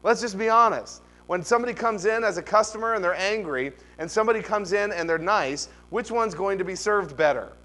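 A man's voice: high-pitched, a little fast, hardly any pauses, bright, forceful tone. A middle-aged man preaching a sermon as pastor, telling stories and pushing emphatic rising questions.

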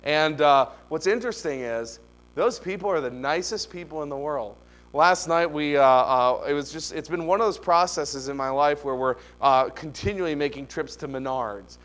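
A middle-aged male pastor delivers a sermon in a fairly high voice. He tells stories in an animated way and leans into emphatic, rising questions. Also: normal speed.

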